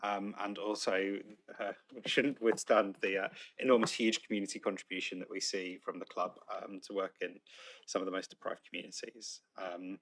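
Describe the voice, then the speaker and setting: A man's voice: low voice, flat delivery, moderate pace, fairly bright tone. A male councillor giving a statement of support in a formal meeting, hesitant with many ums and uhs.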